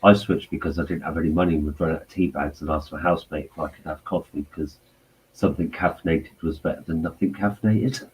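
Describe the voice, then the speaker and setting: A man telling stories in casual chat, halting and rambling with many fillers. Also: a bass voice, steady tone, slight background noise, low-quality recording.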